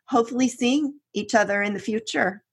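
A woman co-hosting a podcast who asks unhurried, thoughtful questions and thanks the guest. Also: on the high side, breathy edge. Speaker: podcast co-host. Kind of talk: casual interview hosting.

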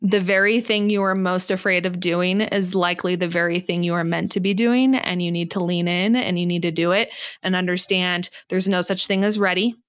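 A woman's voice: lowish voice, fairly even intonation, moderate pace, hardly any pauses, clear, resonant tone. Emphatic woman coaching guest. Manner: emphatic, preachy motivational delivery. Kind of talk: podcast interview.

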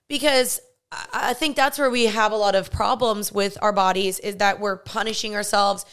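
Young woman podcast host, smooth clear voice, earnest and chatty, faith-based talk. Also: mid-range voice, steady tone, normal speed, a bit bright.

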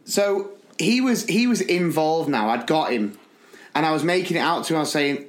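Animated man telling a story in an echoey room. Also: on the high side, normal speed. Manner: animated, acts out the people in his stories. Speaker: podcast co-host. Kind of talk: casual storytelling chat.

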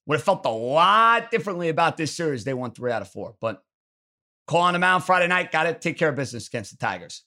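Sports radio host, male, bright and punchy delivery, blunt opinions. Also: fairly high pitch, big pitch swings, quick pace. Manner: blunt, emphatic, ranting. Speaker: sports talk show host. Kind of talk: opinionated sports call-in commentary.

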